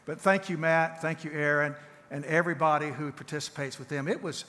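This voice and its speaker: A Southern-accented man in his sixties teaches from a church stage in a folksy, conversational way, often restarting his words. His voice sits a little high for a man. The long church reverb trails behind every phrase. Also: steady tone, fairly quick, pushed and bright. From Tennessee, USA. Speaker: guest speaker and counselor. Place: church sanctuary.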